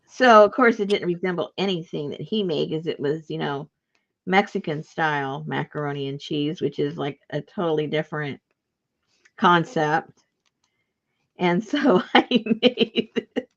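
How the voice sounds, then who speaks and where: A woman's voice: low voice, a little slow, fairly bright tone, highs cut off. A woman telling a story in a casual chat, laughing often and acting out the voices in her quotes. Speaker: craft video host.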